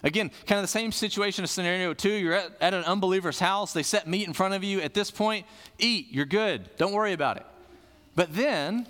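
A pastor delivers a sermon in a relaxed, conversational style at a moderate pace, asking the room questions and then answering them himself. His voice is high for a man, and a church hall gives the audio a long reverb.

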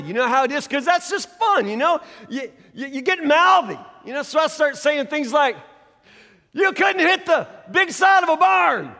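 A man preaching a sermon, telling a folksy story with animated, loud bursts and saying y'all. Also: very high-pitched. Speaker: pastor. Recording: long hall reverb.

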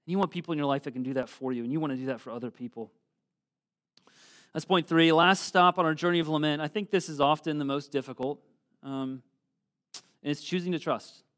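A middle-aged pastor preaching a sermon, earnest, reading scripture aloud with emphatic swells. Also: male voice, on the high side, fairly quick, long pauses, fairly bright tone.

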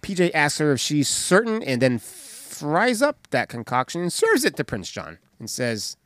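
Lively podcast host recapping a film. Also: mid-range voice, unhurried, hardly any pauses, no room sound, clean studio sound. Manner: animated, recounts scenes and does voices. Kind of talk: casual movie recap.

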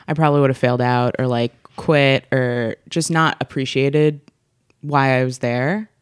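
A woman's voice: rumbling low, fairly even intonation, moderate pace, clear, resonant tone, dry recording, studio quality. A woman of twenty-three in casual conversation as a guest, talking in a chatty way with many fillers and restarts. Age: 20s. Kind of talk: casual chat.

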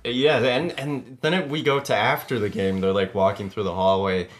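Low-voiced young man, joking. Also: steady tone. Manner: joking, quick to laugh. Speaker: podcast co-host. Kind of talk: casual recap chat.

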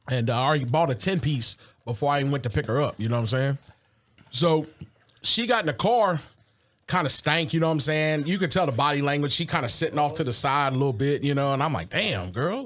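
A young man, telling a wild story in casual slang as co-host of a food review show. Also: a little high. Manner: animated, slangy, loud bursts when excited.

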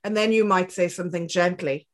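A woman talking as a podcast guest, relaxed and conversational, with a gentle, reflective manner and plenty of soft fillers. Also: lowish voice, a little fast. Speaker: guest, clinical psychologist. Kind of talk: casual conversation.

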